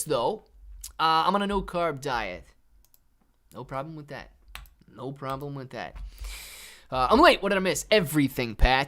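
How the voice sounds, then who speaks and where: A man's voice: medium pitch, a bit bright. Male livestream host, easygoing and chatty, reads chat aloud between casual market talk. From Ohio, USA. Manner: laid-back, reads chat aloud, calls viewers man and dude.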